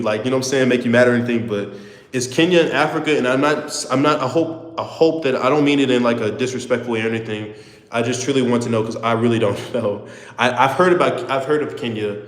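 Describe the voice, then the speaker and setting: A nineteen-year-old man from Houston, rambling earnestly to viewers on a casual livestream and saying bro a lot. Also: medium pitch. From Houston, Texas. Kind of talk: casual live chat with viewers. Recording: echoey room with long reverb.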